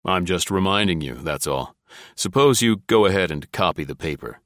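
A man reading the lines of a calm young American agent in a cool, curt manner. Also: sits low, normal speed, dry recording, clean studio sound.

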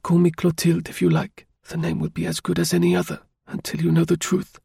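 A man's voice: a little high, completely flat delivery, fairly quick, creaky, darkish tone, husky, dry recording, studio quality, voice pushed up, heavily acted. A man voicing a frightened young French lady. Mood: bitter. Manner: urgent, pleading, fearful. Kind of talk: audiobook character voice.

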